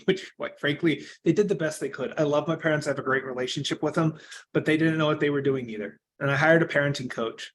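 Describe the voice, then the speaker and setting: A young adult man speaks as a coach, telling his own story with earnest conviction. His voice sits fairly high for a man, and he swings between loud, emphatic lines and soft, quiet asides. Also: quick pace, slight background noise. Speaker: speaker giving a coaching talk. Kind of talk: personal storytelling talk.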